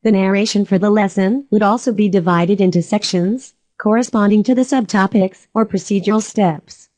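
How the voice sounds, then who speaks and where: Computer-made woman's voice, mellow, reading a lesson calmly, dead dry sound. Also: medium pitch, moderate pace, dry recording. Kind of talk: scripted narration.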